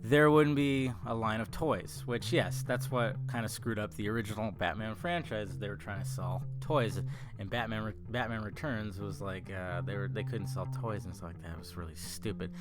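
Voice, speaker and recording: A man talks through film news in a loose, rambling way, tripping over words and filling gaps with ums and uhs. His voice has a tired morning sound, and plucked guitar music plays clearly behind him. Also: on the low side, normal speed. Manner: rambling and chatty, many fillers and restarts. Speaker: film vlogger. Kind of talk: casual movie news chat.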